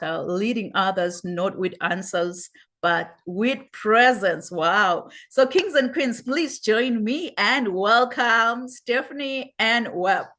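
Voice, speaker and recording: A woman's voice: medium pitch, fairly bright tone. Effusive woman hosting a talk show. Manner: effusive, repeats "wow". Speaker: host. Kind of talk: enthusiastic interview show hosting.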